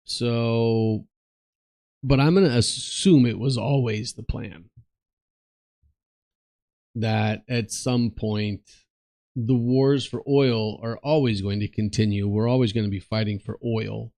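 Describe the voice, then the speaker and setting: A man's voice: fairly low pitch, steady tone, slow, gravelly, long pauses, dark tone, dry recording, studio quality. A man giving casual, rambling commentary while playing a game, swearing offhandedly. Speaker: gaming streamer and commentator.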